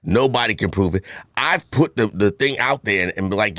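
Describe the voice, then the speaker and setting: A man's voice: medium pitch, animated, normal speed, a bit bright, dry recording. A man, co-hosting a podcast and trading teasing banter while telling stories on a studio mic. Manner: teasing, boastful storyteller. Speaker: podcast co-host. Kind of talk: casual banter.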